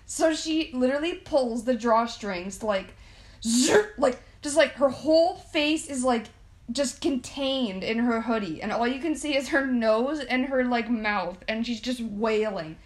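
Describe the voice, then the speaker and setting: A woman's voice: fairly high pitch, measured pace. Chatty young woman telling a story. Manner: chatty storyteller, heavy use of "like", laughs often. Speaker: podcast co-host. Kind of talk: casual chat.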